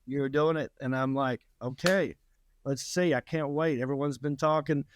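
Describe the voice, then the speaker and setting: A man's voice: mid-range voice, fairly even intonation, moderate pace, a little hiss or hum. A man with a Southern US accent, a guest comedian telling stories in casual chat, often stumbling and repeating words. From North Carolina.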